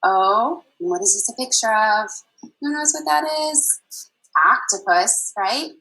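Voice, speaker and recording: A woman's voice: mid-range voice, lively intonation, unhurried, bright, forceful tone, breathy edge, poor audio. A woman teaching young children in an online lesson, patient and encouraging, with a sing-song manner that calls her listeners friends.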